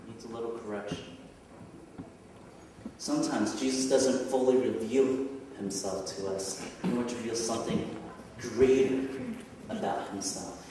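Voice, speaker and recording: Male pastor, unhurried sermon delivery, rhetorical questions and casual asides; distant mic with long church reverb. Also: mid-range voice, darkish tone, a little hiss or hum. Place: church sanctuary. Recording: echoey church hall from far off.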